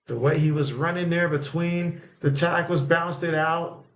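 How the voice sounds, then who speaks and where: A man's voice: a little high, steady tone, normal speed. A man hosts a sports livestream in a slightly raised voice, talking through the game in a loose, conversational way. He leans on fillers and jumps on each play as it happens, then goes back to reading viewers' comments. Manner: loose and conversational, many fillers, reacts to plays as they happen. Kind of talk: casual live game commentary and chat reading.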